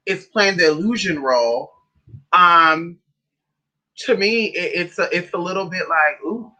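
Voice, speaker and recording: A man from California tells his livestream audience a story, swearing freely and calling listeners "honey" and "y'all". His voice sits high and rings sharp and bright. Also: low-quality recording. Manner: profane, dramatic, calls listeners "honey" and "y'all". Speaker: spiritual livestream host. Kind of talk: casual storytelling to a live chat.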